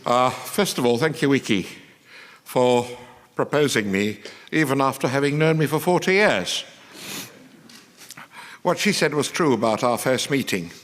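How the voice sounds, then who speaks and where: A man's voice: mid-range voice, expressive, unhurried, long pauses, a bit bright. Older Turkish-accented man, dry acceptance speech. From Turkey. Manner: dry, self-deprecating wit. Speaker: award recipient. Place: large conference hall on stage. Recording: long reverb of a large hall.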